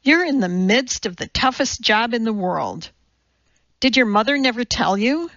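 A brusque older woman, played by a woman reading aloud, who cuts straight to the point. Her delivery is clipped and slow, with gravel in the voice. The sound is dull, lo-fi and dry. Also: fairly high pitch, animated, a bit bright, no echo, pitched above the performer's own voice. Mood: gruffly kind. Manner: blunt, clipped, no-nonsense. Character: blunt, gruff older woman, brusque but kind.

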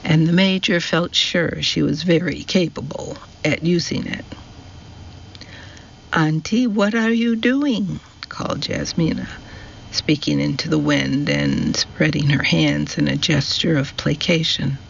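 A man reads a novel aloud in a slow, measured way, his somewhat high voice carrying a gravelly edge. The recording is dull and lo-fi, with a faint hiss underneath. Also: fairly even intonation, fairly bright tone. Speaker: narrator. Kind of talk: audiobook narration.

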